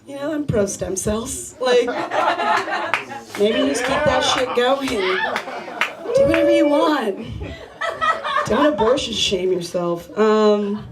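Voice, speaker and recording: A young woman doing a stand-up comedy set at a bar open mic, rambling and profane as she chats with the crowd. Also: fairly high pitch. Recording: live crowd noise. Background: audience laughter.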